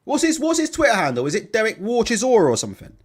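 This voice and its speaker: A man's voice: sits high, huge pitch swings, fast. A man hosting a casual live stream, blunt and sweary, laughing as he reads out chat comments. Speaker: livestream host.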